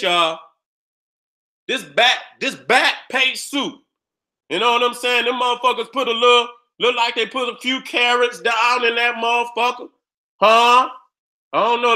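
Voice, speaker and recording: A man with a very high, sharp, bright voice rants through a casual commentary. He is profane and emphatic and repeats his points as he reacts to pictures on a screen. He talks straight to his viewers. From Detroit area. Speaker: online commentator.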